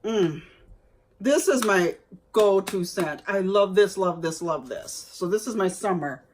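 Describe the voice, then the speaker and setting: A woman's voice: medium pitch, lively intonation, a little slow, slight background noise. A woman vlogger chatting casually to viewers as she unboxes gifts, exclaiming over each item.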